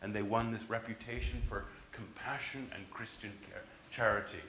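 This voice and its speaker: A man's voice: lowish voice, steady tone, moderate pace, roomy sound, noisy background. A man giving a university history lecture, emphatic and restarting his sentences as he explains.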